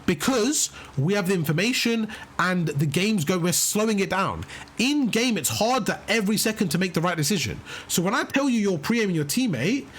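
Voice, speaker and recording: A man with a high-pitched, very animated, slightly bright voice talks at a moderate pace. He's a gaming coach guiding a player live through gameplay, encouraging him and explaining each step, often repeating himself.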